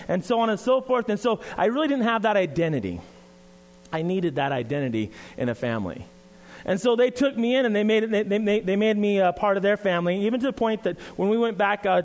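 Male preacher, high voice, earnest and conversational, sermon in church. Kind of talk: sermon with scripture reading and prayer.

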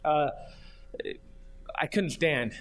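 A man's voice: on the high side, drawn-out words, fairly bright tone. A man, a pastor, preaching a sermon in an earnest way, reading scripture aloud and pressing his points with repeated questions. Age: adult, grew up and did junior high marching band.

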